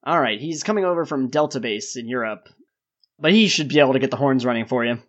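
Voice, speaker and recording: A man running a tabletop role-play game as game master, relaxed and joking, with loose rambling narration. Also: medium pitch, fast. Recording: dull, lo-fi mic.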